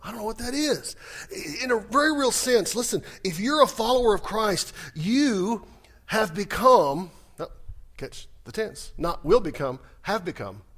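A man preaching a sermon, animated and humorous, talking fast. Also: high voice. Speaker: pastor.

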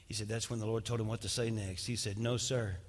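A man's voice: lowish voice, flat delivery, quick pace. A male pastor preaching a sermon and dramatically retelling a testimony. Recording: long reverb of a large hall.

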